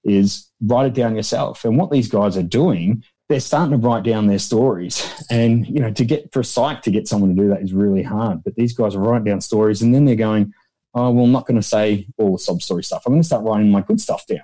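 A man's voice: on the low side, fairly quick, mellow. A man, a guest in a casual interview, telling rambling stories and acting out quotes in a raised voice. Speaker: guest, founder of an extras agency.

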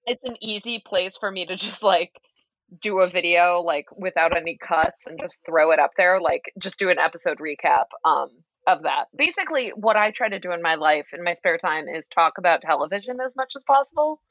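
A woman's voice: on the low side, animated, brisk, a bit bright, no room sound, muffled recording. A woman guesting on a podcast, telling stories emphatically and laughing often. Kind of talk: casual chat.

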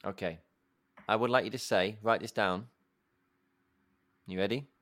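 A man's voice: on the low side, measured pace, fairly bright tone. A man co-hosting in upbeat, chatty banter. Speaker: co-host. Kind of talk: casual banter.

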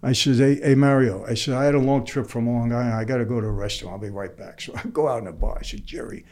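Older New man, mid-pitch, a guest who acts out every voice in his stories. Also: fast talker. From New York. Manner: animated, acts out the other people's lines. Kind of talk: storytelling in conversation.

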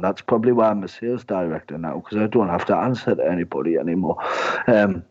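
A man in his 20s, a comedian and sales director, is an interview guest giving long, rambling, self-mocking answers. He has a deep voice and talks fast, and the recording sounds dull and lo-fi.

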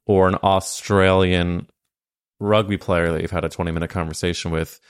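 A man's voice: low-pitched, little pitch movement, normal speed, smooth, no room sound, studio quality. A man hosting a podcast, chatting casually with crude, playful, teasing questions. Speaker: podcast host.

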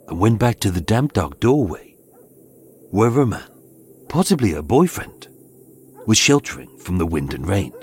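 Male true-crime narrator, low voice with a lively, rising-and-falling delivery, measured and suspenseful. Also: slightly rough. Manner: measured, dramatic storytelling with suspenseful pauses. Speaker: podcast host and narrator. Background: faint background music.

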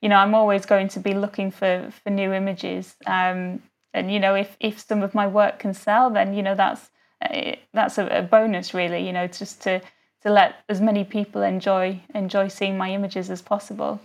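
A woman's voice: mid-range voice, level tone, moderate pace, vocal fry. Chatty woman guest on a podcast. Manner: friendly, lots of "you know" fillers. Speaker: interview guest, photographer. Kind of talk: casual interview conversation.

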